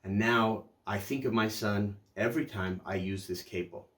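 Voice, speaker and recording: An older man hosting a music channel, telling a personal story in a reflective, unhurried way, with pauses and restarts. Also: fairly low pitch, a bit bright. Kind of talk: casual storytelling review.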